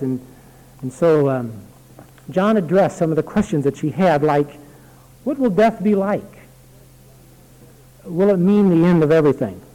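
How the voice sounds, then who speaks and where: High-voiced preacher in a reverberant hall. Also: male voice, warm tone. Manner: earnest, building to rising emphatic exhortation. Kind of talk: sermon with a read-aloud letter. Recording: long hall reverb, 1982 sermon tape.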